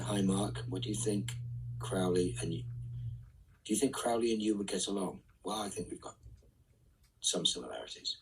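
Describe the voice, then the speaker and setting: A man reading fan questions aloud and answering them casually in a live online Q&A, often trailing off into soft asides. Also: low voice, distant mic, a little hiss or hum, low-quality recording.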